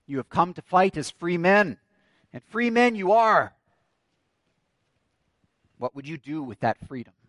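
A man's voice: high-pitched, big pitch swings, a little slow, long pauses, fairly bright tone, no echo, heavily acted. A man preaching a sermon, quoting a defiant rebel leader as he rouses his army, in his own voice. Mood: rousing. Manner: rousing, declamatory.

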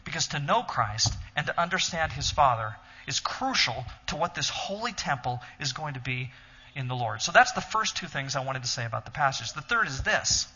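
Bright, husky man teaching from a podium. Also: mid-range voice, sing-song, normal speed. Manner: earnest, emphatic, explains step by step. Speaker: teacher leading a Bible study. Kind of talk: teaching sermon. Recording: dull sound in a reverberant hall.

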